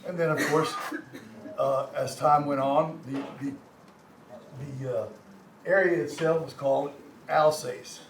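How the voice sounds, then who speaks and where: A man's voice: a little high, steady tone. Older Texan man lecturing in a roomy hall. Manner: halting, repeats words, folksy asides to the class. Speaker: language class teacher. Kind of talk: classroom lecture with slides. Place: community classroom. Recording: roomy, distant mic, faint hum.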